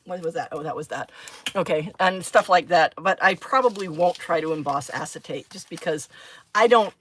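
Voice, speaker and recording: A chatty woman talks through her crafting on a live stream, with a bright, sharp-edged tone. She giggles often and drifts between thinking aloud and answering her viewers' comments, all at an easy, casual pace from her craft desk. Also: on the low side, moderate pace, slight background noise.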